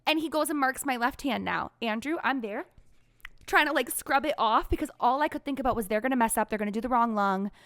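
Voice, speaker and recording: A young adult woman, a podcast guest, telling a story in animated casual chat, full of "like" fillers. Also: a little high, fairly quick, dry recording.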